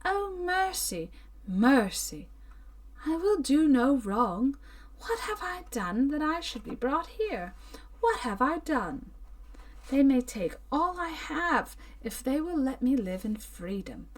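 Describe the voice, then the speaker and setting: A woman's voice: sits high, very animated, moderate pace, dark tone. A woman reader voicing a terrified captive woman who pleads in breathless, whispered cries. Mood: pleading.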